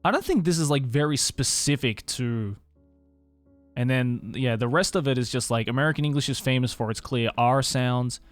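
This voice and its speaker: An Australian man streaming, chatting casually with viewers in a musing, hesitant way, slowing down to sound out words. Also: mid-range voice, no room sound.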